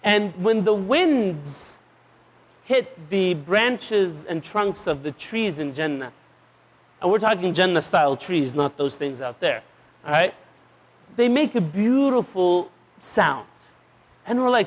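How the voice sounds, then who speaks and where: Man with a high-pitched voice giving a humorous sermon, acting out lively little scenes and using Arabic phrases. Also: takes it slowly. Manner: playful storytelling, acting out little dialogues; sprinkles Arabic religious phrases into English. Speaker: preacher. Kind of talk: humorous sermon to a live audience.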